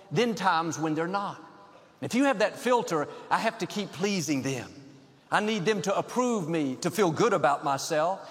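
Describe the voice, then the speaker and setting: A man preaching a sermon as pastor, upbeat and measured, building points in rhythmic lists. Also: high-pitched, long reverb tail.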